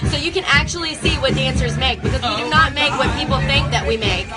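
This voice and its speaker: Breathless woman, high voice, chatty, swears a lot, phone livestream, blaring club music behind. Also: quick pace, over a noisy crowd. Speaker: exotic dancer. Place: nightclub, indoors. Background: loud club music.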